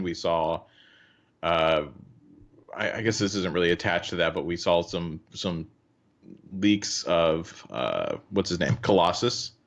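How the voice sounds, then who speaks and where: A man's voice: sits low, highs cut off. A man co-hosting a casual gaming podcast, easygoing and rambling, laughing often. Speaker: podcast co-host.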